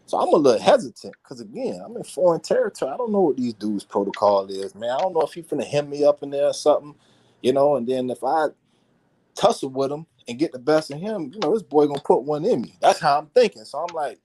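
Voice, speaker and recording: A man telling a personal story in a relaxed, conversational way, with a voice of ordinary middle pitch. His delivery is animated and full of slang, with swearing and repeated words as he works through the tale. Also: a little fast, slightly rough. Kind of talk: casual storytelling.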